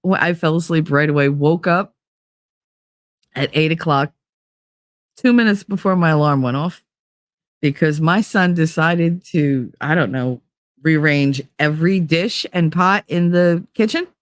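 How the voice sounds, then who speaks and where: A woman's voice: sits low, unhurried, no echo, clean studio sound. A woman hosting her own stream, telling a story casually, swearing freely and acting out what people said. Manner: animated, swears freely, acts out quotes. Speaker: stream host.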